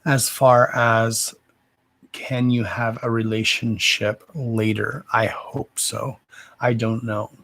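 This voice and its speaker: A man hosting a live psychic reading stream, answering viewers slowly and deliberately and often calling them "darling". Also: medium pitch, little pitch movement, a bit bright, dry recording. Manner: slow and deliberate, calls viewers "darling", says "okay" again and again.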